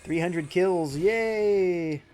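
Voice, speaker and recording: A chatty, jokey man livestreams a video game, answering chat as he plays. His voice sits a little high. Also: drawn-out words, darkish tone, soft background music. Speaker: livestreaming gamer. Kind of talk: casual let's-play commentary.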